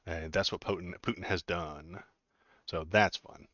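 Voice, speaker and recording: Deep-voiced sarcastic man streaming. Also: steady tone, unhurried, fairly bright tone, no echo, dull audio. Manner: sarcastic, rambling, frequent filler words. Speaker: political commentary streamer. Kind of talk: casual livestream commentary.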